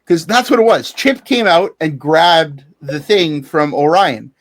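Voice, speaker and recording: A man's voice: a little high, expressive, a little slow. A man co-hosting a podcast, animatedly telling a story in casual chat, swearing freely and laughing often. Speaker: podcast co-host. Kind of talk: casual chat, recounting a show.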